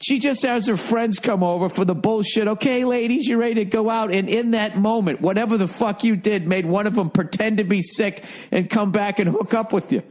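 A middle-aged man hosting a comedy advice podcast, reading listener letters and riffing loudly with profanity. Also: high-pitched, fairly quick, few pauses. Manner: loud, profane, animated riffing with mocking put-on voices. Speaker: podcast host giving advice.

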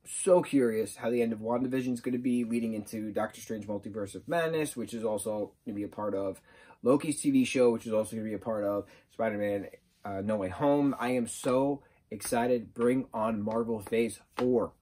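Husky, rambling guy reviewing a movie. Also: fairly low pitch, brisk. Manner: rambling and excitable, full of fillers. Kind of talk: casual spoken review.

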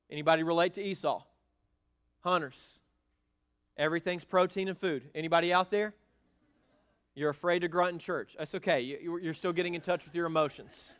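A middle-aged man preaching a sermon as pastor in a church, animated and emphatic, with sudden loud bursts. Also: a little high, a little fast, pauses often. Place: church sanctuary.

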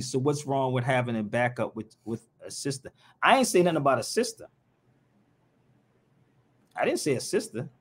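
Picture a man hosting a live stream, speaking at an everyday middle pitch. He talks in an impassioned, blunt way, rambling through his points with plenty of slang. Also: very animated, moderate pace. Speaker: live show host. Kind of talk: casual live-stream talk.

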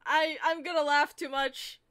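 A woman's voice: sits high, fairly even intonation, measured pace, fairly bright tone. A woman streamer giving casual commentary while playing a game, exasperated and profane, with frequent sighs.

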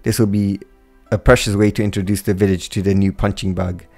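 A man narrates a homemade fan story in a low, dark, relaxed voice. His reading is unpolished, with stumbles and restarts, over faint background music. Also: brisk, vocal fry. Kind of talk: amateur fan fiction reading.

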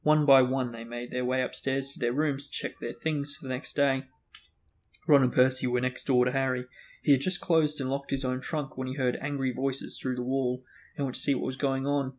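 A man reading a novel aloud in a relaxed way, now and then stopping after a slip. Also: mid-range voice, moderate pace. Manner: relaxed reading, stops for slips. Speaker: book reader and discussion host.

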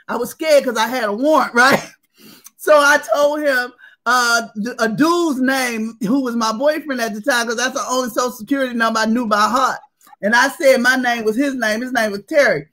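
A woman with a slightly high voice, speaking at normal speed, co-hosts a comedy chat over a video call. She tells raunchy stories, laughing big and animatedly acting out other people's voices.

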